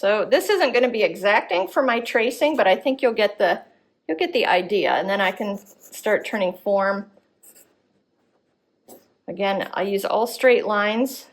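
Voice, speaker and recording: A woman teaching art, giving a live drawing demonstration at a gallery workshop and thinking aloud as she corrects her lines. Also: mid-range voice. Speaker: art instructor.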